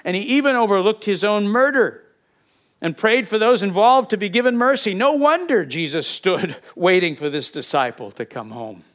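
A man with a fairly high voice preaches a sermon. He talks to the congregation in a conversational way, putting questions to them and often repeating words as he thinks aloud. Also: lively intonation, moderate pace, fairly bright tone. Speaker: pastor.

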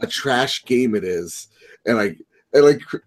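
A man's voice: mid-range voice, expressive, measured pace. A young man co-hosting a gaming podcast, easygoing and agreeable in casual chat. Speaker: podcast co-host.

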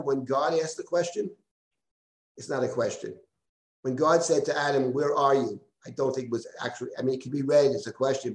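A man's voice: mid-range voice, darkish tone. A man teaching a live Bible class as a rabbi, thinking aloud and often checking in with "right?". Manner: thoughtful, frequent "right?" and restarts. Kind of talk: live class lecture with questions. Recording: roomy echo.

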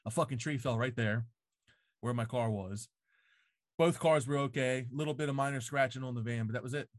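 A man's voice: mid-range voice, a little fast, no echo, studio quality. A man in casual chat, telling a story full of swearing and "like" fillers, recorded in a home basement.

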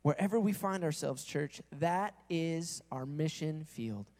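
In a church sanctuary, a male pastor preaches conversationally, putting questions to his congregation and acting out quoted voices. His voice is on the high side, measured and a little mellow, with long reverb from the hall.

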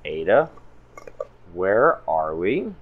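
A man's voice: deep voice, very animated, very slow, narrow, tinny audio, heavily acted. A man playing a stern, curt woman leader. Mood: tense.

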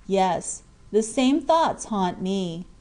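A woman reading an audiobook, voicing a serious, brooding young male miner who speaks low and firmly. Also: lively intonation, very slow, dark tone. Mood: grave. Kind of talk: audiobook character voice.

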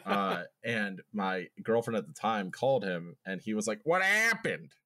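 A man with a somewhat low voice trades casual banter as a podcast co-host. He drops quick, dry asides into the conversation. Profanity comes easily and often. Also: a bit bright. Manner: quick joking asides, swears freely. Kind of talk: casual chat.

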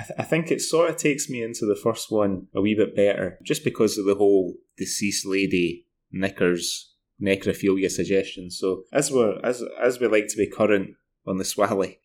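Scottish male co-host, low voice, rambling casual news chat. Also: a little mellow. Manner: rambling, reads news stories aloud with restarts. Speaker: podcast co-host.

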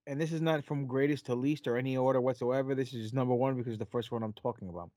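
A man's voice: medium pitch, steady tone, fast talker, hardly any pauses, mellow, no room sound. A man hosting a casual podcast, rambling and telling jokes with plenty of fillers. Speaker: podcast host.

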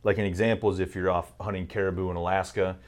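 A man's voice: low voice, flat delivery, fast talker. A man interviewing shooting instructors, asking long, winding questions built around examples.

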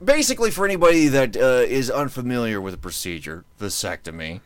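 On his own podcast, a man with a medium-pitched, expressive voice speaks quickly in a dry recording. The chat is casual and rambling, full of jokes and sentences he cuts off and starts over.

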